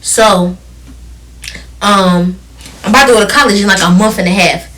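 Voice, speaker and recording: Bright-voiced teenage girl. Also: mid-range voice, moderate pace, far from the mic. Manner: laughing, animated storytelling. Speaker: podcast co-host. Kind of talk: casual chat.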